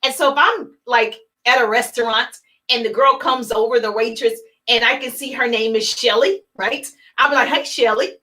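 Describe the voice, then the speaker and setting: A woman business coach giving an energetic, emphatic live-streamed talk, repeating her key points and acting out sample phone calls. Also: on the high side, moderate pace, low-quality recording.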